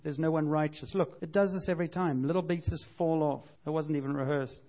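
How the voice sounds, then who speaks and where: A man with a fairly high voice preaches a sermon in church, talking conversationally and earnestly to his congregation. He presses his points with growing fervor. The recording is dull and lo-fi. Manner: conversational, earnest, rising to fervent emphasis. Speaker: pastor.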